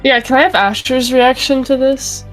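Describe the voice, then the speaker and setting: A woman playing in a tabletop role-playing game. She talks in a casual, easygoing way, mostly asking quick questions about the rules. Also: sits high, fairly even intonation, soft background music. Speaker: player.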